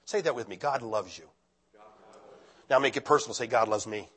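An older man, a retired pastor, preaching a conversational sermon that climbs into loud, fervent appeals. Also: mid-range voice, fairly quick, husky.

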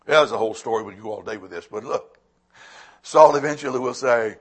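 A man preaching a sermon as pastor, swinging between loud emphatic lines and hushed, quiet ones. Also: mid-range voice, quick pace, slightly rough.

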